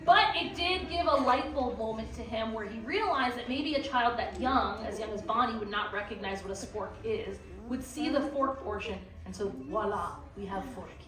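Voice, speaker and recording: With a slightly high voice at normal speed and few pauses, a young woman teaching art chats playfully through a live drawing class, filling gaps with fillers. Crowd noise surrounds her in the theme park art classroom, and the audio comes from far away in an echoey room.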